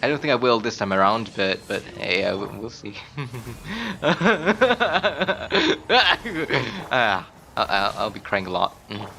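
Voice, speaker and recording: A man commentating live on his own gameplay, chatting casually and bursting into loud screams and laughs at the game. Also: on the low side, moderate pace, vocal fry, hardly any pauses, a little hiss or hum. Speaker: game streamer.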